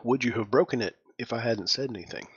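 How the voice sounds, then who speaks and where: A man at a game table, asking quick playful questions in a mid-pitched voice. His audio sounds dull and somewhat muffled. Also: husky. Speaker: player. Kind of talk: casual chat at a game table.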